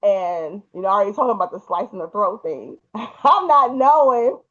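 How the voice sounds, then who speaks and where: Woman, podcast host, personal storytelling, laughs a lot, acts out characters, mid pitch, muffled dull audio. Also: moderate pace. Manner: animated, laughs often, acts out the people in her story.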